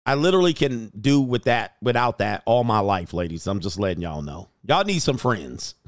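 A man's voice: lowish voice, big pitch swings, moderate pace, no room sound, studio quality. A man, hosting a casual livestream about dating, joking, laughing often and swearing freely. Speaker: dating coach streamer.

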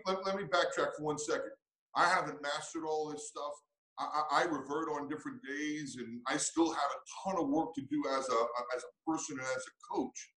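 A man speaking as a coach in an interview, earnest and reflective, often restarting his sentences. His voice sits a little high, and the room around him echoes noticeably. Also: moderate pace, bright, forceful tone. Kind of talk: interview answers.

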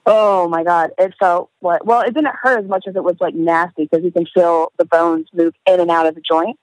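A woman's voice: lowish voice, fairly even intonation, brisk, dry recording, poor audio. A young woman telling a story in casual chat, swearing freely, laughing and acting out the voices of the people in it.

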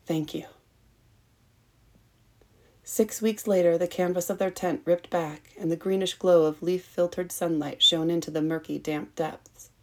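A woman reading a fan-written story aloud as its narrator, in a measured, even way. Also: fairly low pitch. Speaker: story reader. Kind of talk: fanfiction audiobook narration.

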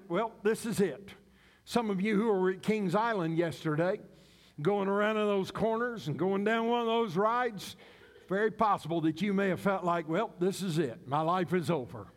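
A man preaching a sermon as pastor, with dramatic pauses and acted-out cries. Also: sits high.

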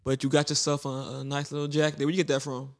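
Animated higher-voiced young man chatting. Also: fast, creaky. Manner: animated, joking, slangy. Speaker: podcast co-host. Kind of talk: casual chat.

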